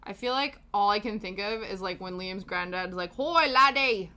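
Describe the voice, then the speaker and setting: Bright-voiced woman streamer chatting. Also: mid-range voice, moderate pace, clean tone. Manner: chatty and rambling, answering chat with frequent laughs. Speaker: live-stream host. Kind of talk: casual chat while knitting on stream.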